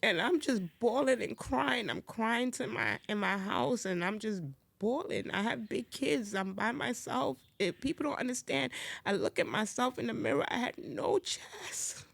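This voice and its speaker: As a podcast guest, a woman gives emotional testimony, telling her story with passion and repeating herself as she rises nearly to tears. Her voice is on the high side, expressive, creaky, and husky, at a moderate pace, with no room sound.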